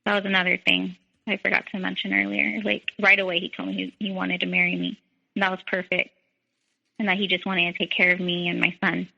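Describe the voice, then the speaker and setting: Her voice is lowish and brisk, with little pitch movement, vocal fry, and a sharp edge, echoing in a big room. As a podcast guest, this young woman recounts her own experiences, acting out others' lines and leaning heavily on "like." The audio is dull and lo-fi.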